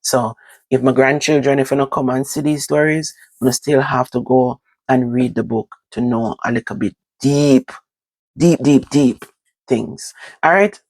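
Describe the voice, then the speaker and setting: A woman's voice: rumbling low, normal speed, no room sound. Older jamaican lady vlogging her life story, patois mixed w proper english, dry close sound. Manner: switches between patois and standard English, animated when telling the story. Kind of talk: casual storytelling to camera.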